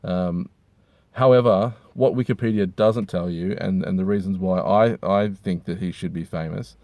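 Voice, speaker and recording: A hungover man, rambling crudely and with deadpan humor while reviewing hats from inside a car. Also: sits low, normal speed, no echo. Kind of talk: casual rambling monologue.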